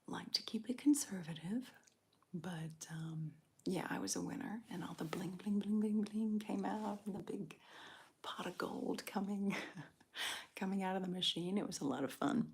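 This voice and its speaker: A woman hosting a live ASMR stream, chatting with viewers in a soft, calm whisper with small laughs. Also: medium pitch, moderate pace, vocal fry, slightly rough. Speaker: ASMR livestream host.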